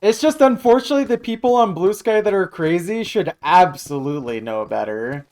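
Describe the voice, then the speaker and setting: A man's voice: high-pitched, lively intonation, a little fast, darkish tone. A man streaming live, chatting casually and jokily while reacting to his chat. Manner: rambling, jokey, reacting to chat.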